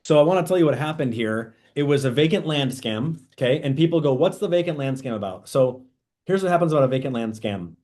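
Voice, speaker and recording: A man teaching real estate agents in an animated training talk, often acting out quoted dialogue. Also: on the high side, fast.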